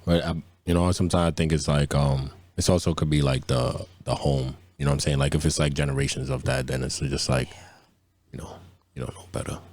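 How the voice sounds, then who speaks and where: A man with a very deep, low voice talks fast and freely as a podcast co-host. His stories run loose and profane in a casual back-and-forth. The sound is dry and close. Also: steady tone, a little mellow, no echo. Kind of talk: casual chat.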